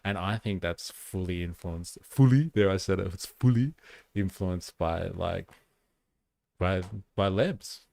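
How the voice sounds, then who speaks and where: A gravelly, lower-voiced man with a Western Sydney Australian accent, talking in a casual, rambling way full of "like" fillers as he reads out viewer comments. The recording is dry and close, with no room sound. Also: a little slow, a little mellow, dry recording. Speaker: live stream host. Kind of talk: casual political commentary stream.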